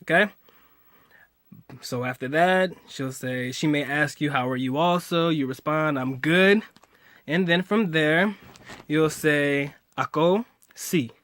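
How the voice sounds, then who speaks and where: A relaxed man in his late twenties talks to camera in a loose, slangy way and keeps cracking jokes. His voice sits a touch higher than most men's. The sound is close and dry with almost no room in it. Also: takes it slowly, no room sound. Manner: laid-back, joking, slangy, laughs often. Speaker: vlogger teaching phrases. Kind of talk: casual video tutorial.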